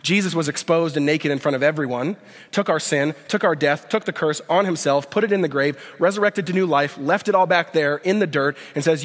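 Impassioned preacher in a big hall. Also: male voice, fairly high pitch, a little fast. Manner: impassioned, rhetorical questions, rising to emphatic peaks then quiet prayer. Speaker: speaker at a university chapel. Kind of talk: sermon. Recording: long hall reverb.

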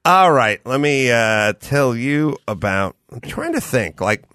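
A man's voice: mid-range voice, big pitch swings, a little slow, fairly bright tone, no echo, clean studio sound. A man hosting a podcast, chatting casually and telling profane stories with acted-out quotes. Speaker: podcast host. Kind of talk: casual chat.

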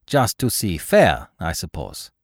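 A man voicing a middle-aged male baron, loud, excitable and hearty. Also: sits low, measured pace, no room sound, studio quality, exaggerated voice. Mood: tickled.

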